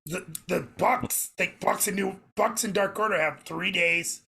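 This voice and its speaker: A man's voice: high voice, a little slow, vocal fry, pushed and bright, breathy edge. A man co-hosting a podcast in casual chat, brash, laughing a lot and swearing freely. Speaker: podcast co-host.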